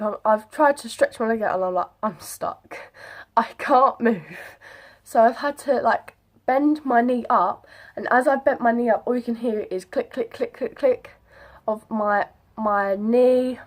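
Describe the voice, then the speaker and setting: A young woman, chatting casually to camera as she retells an experience. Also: on the high side. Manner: chatty, animated retelling with quoted voices. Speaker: vlogger. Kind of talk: casual storytelling vlog.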